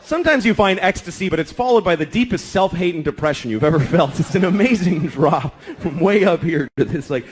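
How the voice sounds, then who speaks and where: A man's voice: a little high, expressive, a little fast, few pauses. A man in his thirties doing a stand-up comedy routine, with profane, exasperated ranting and heavy swearing. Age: 30s. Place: comedy stage before a live audience. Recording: live audience laughter and room noise. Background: crowd laughing.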